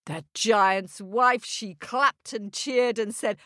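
A woman telling a children's story at a slow, deliberate pace. Her delivery is animated and sing-song. The recording is dry and close. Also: medium pitch, no echo.

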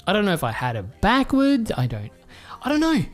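A young Australian man chatting casually and excitably while opening trading cards, swearing freely and rambling. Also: high-pitched, brisk, faint music behind. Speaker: YouTuber. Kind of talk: casual card-unboxing chat.

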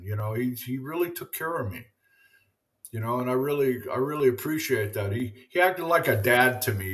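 A man's voice: mid-range voice, fairly bright tone. A man in his seventies, a former ballplayer, telling rambling anecdotes in an interview with lots of "you know". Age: 70s. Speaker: former baseball pitcher, guest. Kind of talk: storytelling interview.

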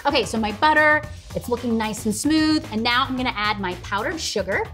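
Woman, cooking host, casual kitchen chat, talks to viewers, laughs a lot, slightly high voice, soft music behind. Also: a little fast. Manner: chatty, talks straight to viewers, laughs often. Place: home kitchen.

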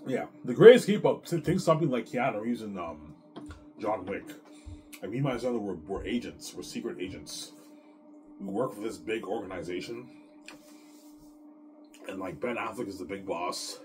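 A man with a very deep voice chats casually to his audience. He rambles with excitement, often stumbling and repeating words. Clear music plays underneath. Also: normal speed, long pauses. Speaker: vlogger. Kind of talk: casual chat.

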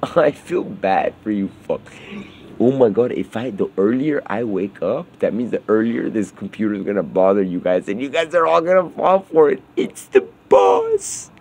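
A man's voice: lowish voice, expressive, normal speed, darkish tone, husky. A young man, just woken up, rambling crudely and jokily in a casual vlog monologue, swearing often.

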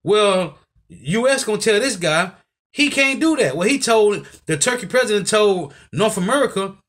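A man's voice: high-pitched, lively intonation, moderate pace, fairly bright tone. A man giving a preaching commentary as a bible teacher, talking emphatically and tagging lines with "man" and "right?".

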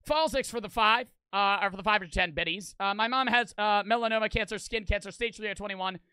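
A male streamer chatting casually and profanely with his viewers. His voice is high, bright and clear. The sound is dry and close, with no room echo. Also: a little fast. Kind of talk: livestream chat, reading donations.

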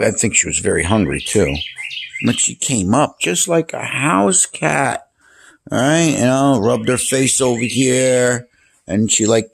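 A man's voice: mid-range voice, vocal fry, a little hiss or hum. A man filming his cat at home with a handheld camera. He coos to her in baby talk, then rambles through a story. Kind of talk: casual home video. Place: home with a screened-in porch.

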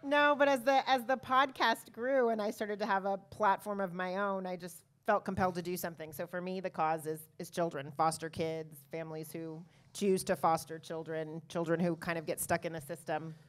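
A woman co-hosting a live podcast, speaking in an earnest, measured way. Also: on the low side, fairly even intonation. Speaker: podcast co-host.

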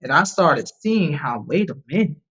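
A woman's voice: low voice, normal speed, slightly rough. Emphatic woman telling her story. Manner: emphatic, animated, repeats "like" and "right?". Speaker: podcast guest. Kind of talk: candid personal storytelling. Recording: dull lo-fi sound.

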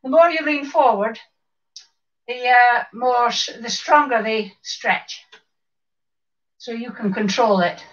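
A woman's voice: fairly high pitch, takes it slowly, long pauses. A woman in her sixties leading a home exercise class, counting reps aloud and chatting between moves. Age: 60s. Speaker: fitness instructor. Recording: slightly dull lo-fi home video.

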